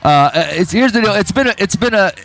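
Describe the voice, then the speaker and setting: A man with a slightly high voice hosts a live web broadcast, joking and rambling loosely. Faint music plays in the background. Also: animated, fairly quick, gravelly, fairly bright tone. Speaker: webcast host. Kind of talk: casual live broadcast banter. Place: café venue during a live event.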